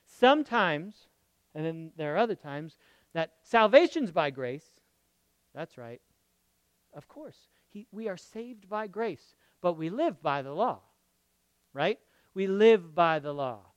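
Man, pastor, conversational sermon, loud then hushed, asks okay and right, dry close recording. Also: high voice, lively intonation, unhurried, clean tone, no room sound, dull audio. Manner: swings from loud emphatic lines to quiet murmured asides; checks in with the audience, asking okay and right.

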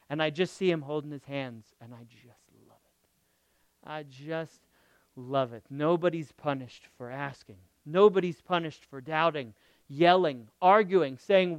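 A male pastor preaching with a lively, high voice that climbs and dips all over the place. He repeats phrases for emphasis and drops from loud declarations to near whispers. The sound is smooth and dry, right up on the mic. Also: unhurried, no echo. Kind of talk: sermon.

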